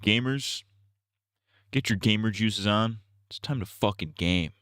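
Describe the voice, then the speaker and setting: Low-voiced man rambling on a gaming stream. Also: steady tone, moderate pace, fairly bright tone, clean tone, dry recording, studio quality. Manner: crude, profane, rambling and goofy. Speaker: live streamer. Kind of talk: casual gaming stream commentary.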